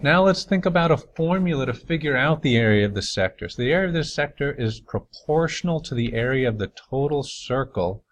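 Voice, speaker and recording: A man from New York, a math teacher, giving a recorded lesson over slides in an upbeat, chatty way with folksy asides. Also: mid-range voice.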